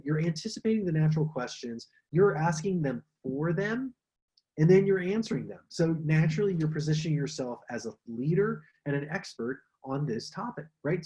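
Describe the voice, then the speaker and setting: A man giving a workshop talk on pitching, in an energetic, conversational way, with many fillers and rhetorical questions. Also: poor audio. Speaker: pitch coach. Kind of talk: workshop presentation.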